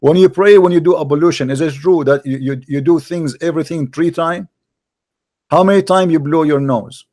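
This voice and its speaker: A man hosting a debate, pressing with rapid repeated questions. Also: a little high, darkish tone. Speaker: debate host. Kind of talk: live call-in debate.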